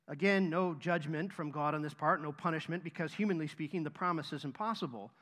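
A man's voice: fairly high pitch, a little fast, hardly any pauses, fairly bright tone. A man preaching a sermon to his congregation, emphatic and repeating key phrases for stress. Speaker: pastor.

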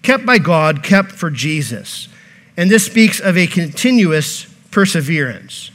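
A man's voice: a little high, big pitch swings, unhurried, fairly bright tone. A pastor preaching a sermon, earnest and repeating key phrases, posing rhetorical questions to his congregation.

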